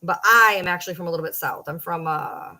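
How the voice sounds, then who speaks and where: On a low-quality recording, a fast-talking woman with a fairly low, bright voice and forceful tone chats with late-night livestream viewers. Around forty and from downriver Detroit, Michigan, the social media personality has a Michigan accent and speaks bluntly, swearing plenty.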